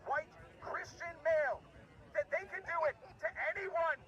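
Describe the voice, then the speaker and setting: A man, a professional comedian, trolling a street protest in a deadpan, mock-earnest tone. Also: extremely high pitch, moderate pace, lo-fi sound. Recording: crowd noise outdoors. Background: protest crowd.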